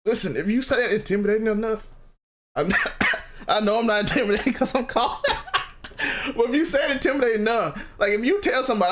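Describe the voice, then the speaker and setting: Guy cohost, chill storyteller, kinda high voice that swings around, laughs a lot. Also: expressive, fast, fairly bright tone. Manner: laid-back storyteller, laughs often. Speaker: show co-host. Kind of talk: casual commentary chat.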